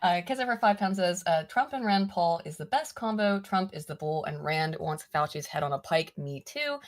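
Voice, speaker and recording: A woman's voice: on the low side, normal speed. A woman from South Africa co-hosting a live stream, laughing often and teasing while she reads out viewer donations. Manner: giggly and teasing. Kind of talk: casual live-stream chat.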